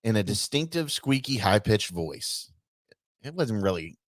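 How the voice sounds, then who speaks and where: A man's voice: lowish voice, big pitch swings, a little slow, no room sound, studio quality. A man co-hosting a casual podcast, reading a news article aloud and stumbling over words with offhand asides. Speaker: podcast co-host.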